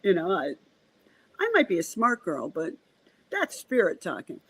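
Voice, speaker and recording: Sex: woman. Role: medium, podcast guest. Style: casual storytelling. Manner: animated, acts out dialogue, with lively swings in pitch. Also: measured pace, husky, poor audio.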